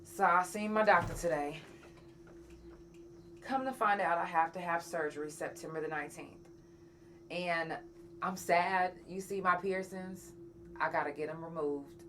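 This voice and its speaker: Bright-voiced candid woman chatting live. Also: on the low side, slight background noise. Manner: candid and chatty, swears freely, talks straight to her audience. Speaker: podcast host and singer. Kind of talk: casual live chat with viewers.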